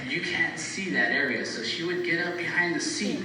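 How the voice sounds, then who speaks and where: A man's voice: a little high, moderate pace. A middle-aged man, a bus operator, giving a farewell speech full of funny stories and frequent laughter, recorded from a distance. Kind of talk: eulogy anecdote speech. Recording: echoey room recorded from afar, loud ambient noise.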